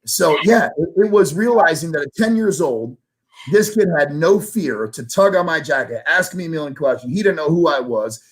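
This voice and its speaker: A man, a guest sales trainer, telling a story in a casual interview, animated and swearing casually as he acts out dialogue. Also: fairly high pitch, moderate pace.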